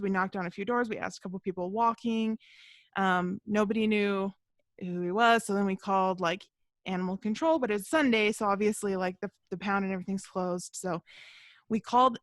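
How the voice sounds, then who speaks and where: A young woman co-hosting a podcast, talking casually over a video call. She tells stories loosely, with plenty of fillers and frequent laughter. Her voice is mid-pitched, and the sound is dry and close. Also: dry recording. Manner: chatty, laughs often, many fillers. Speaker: podcast co-host. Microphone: video call mic.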